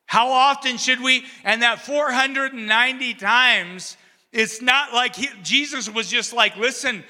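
A man delivers a sermon with a high, ringing, very bright voice. He tells the story conversationally, checking in with his listeners and acting out each character's lines. The sound carries a long hall reverb. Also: measured pace. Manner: conversational, asks the audience "you know what I'm saying". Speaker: preacher.

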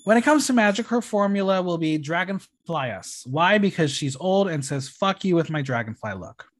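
A podcast host recapping a show in casual chat. The talk is quick and easy, with wry, deadpan little asides dropped in between. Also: medium pitch.

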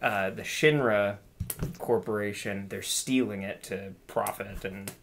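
A man's voice: fairly low pitch, fairly even intonation, measured pace, slight background noise. A man in casual chat about video games, rambling with many fillers and frequent laughs.

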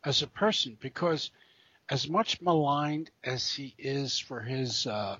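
A man co-hosting a podcast, talking about old films in a halting way, often repeating words and restarting sentences. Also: mid-range voice, pushed and bright, slightly rough, no echo. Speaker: podcast co-host. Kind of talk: casual chat. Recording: dull lo-fi podcast audio.

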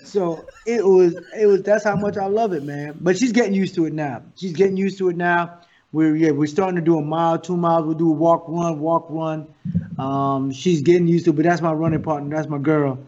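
Animated, profane man on lo-fi audio. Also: a little high, brisk. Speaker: guest actor and comedian. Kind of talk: casual interview chat.

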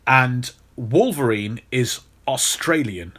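A man's voice: medium pitch, expressive, takes it slowly, a bit bright. Man telling a story on a podcast. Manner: storytelling, many restarts. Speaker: podcast host. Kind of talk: casual podcast chat.

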